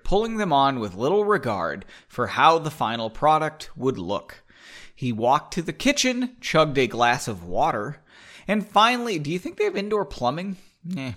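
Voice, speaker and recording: Chatty guy reading his story, keeps going off on tangents and laughing, slightly high voice. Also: a bit bright. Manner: chatty, digressive, laughs often. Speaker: podcast host reading his own story. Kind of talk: casual chat and story reading.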